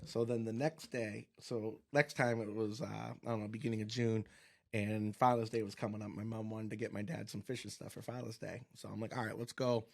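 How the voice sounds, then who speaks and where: A man with a Massachusetts accent hosting a podcast, telling stories in a casual, animated way and laughing often. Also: on the low side, brisk, gravelly. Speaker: podcast host. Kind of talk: casual storytelling chat.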